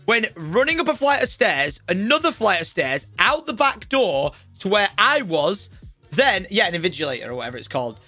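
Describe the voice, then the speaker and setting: Animated man telling a story. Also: high voice, normal speed, no echo, faint music behind. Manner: swearing, lively, acts out the teacher's shouting. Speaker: streamer. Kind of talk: animated storytelling on a live stream. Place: home streaming room.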